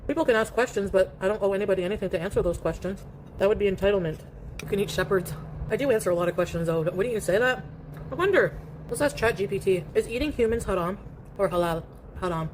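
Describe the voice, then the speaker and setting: A woman with a medium-pitched, somewhat dark voice talks quickly over slight background noise. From her home she live streams, eating as she chats loosely and reads out what viewers write.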